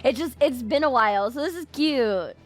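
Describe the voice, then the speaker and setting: A young woman streaming a game, excitable, squealing and shouting as she reacts. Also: sits high, normal speed.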